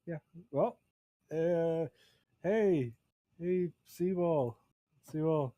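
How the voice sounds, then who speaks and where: A man running a tabletop game as game master, narrating in a halting way with many fillers. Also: a little high, dark tone, no echo, muffled recording.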